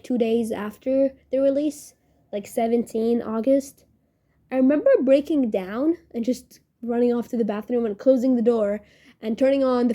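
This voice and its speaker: A young woman hosts a casual podcast review in a warm, soft-toned voice that sits a little high. She gushes and rambles, working through her strong feelings with lots of filler words. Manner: gushing, emotional, rambling with many "like"s. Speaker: podcast host reviewing a series.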